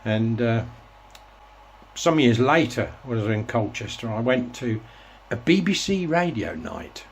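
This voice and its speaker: A man in his sixties sits and reminisces for his own show, his voice mid-pitched and ordinary. He tells his story in a loose, reflective ramble, circling back and restarting his sentences as he goes. A faint hum of background noise sits under his talk. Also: sing-song, unhurried. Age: 60s. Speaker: host. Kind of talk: casual reminiscing monologue.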